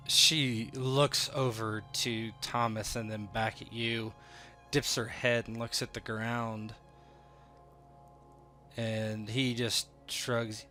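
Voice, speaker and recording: A man narrating as game master of a tabletop game. His narration is unhurried and explanatory. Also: mid-range voice, flat delivery, sharp tone, faint music behind.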